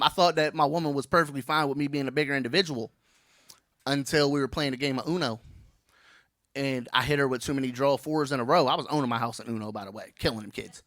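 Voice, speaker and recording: A man's voice: a little high, sharp tone, no echo, studio quality. A man in his thirties doing a brash, playful stand-up comedy set on stage, teasing the crowd.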